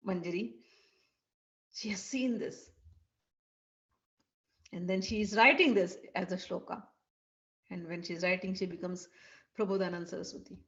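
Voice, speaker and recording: A woman telling a devotional story in an animated way, acting out the characters. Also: fairly low pitch. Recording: dull lo-fi recording.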